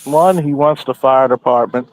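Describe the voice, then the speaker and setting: A man's voice: mid-range voice, flat delivery, fairly quick, a little hiss or hum, rough recording. A man in casual podcast chat, telling blunt, profane stories and quoting himself often.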